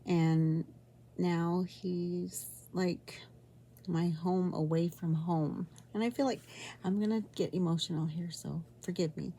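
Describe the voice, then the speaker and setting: A woman vlogging about her own love life, talking in a halting, rambling way with many restarts and an emotional, sometimes near-whispered delivery. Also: on the low side, steady tone, dark tone, a little hiss or hum. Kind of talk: personal storytelling vlog.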